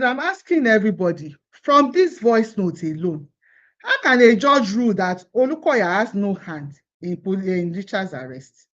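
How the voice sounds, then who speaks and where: A woman's voice: on the high side, a bit bright. A Nigerian woman pleading and protesting in an impassioned monologue, firing off rhetorical questions. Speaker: activist vlogger. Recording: dull lo-fi phone audio.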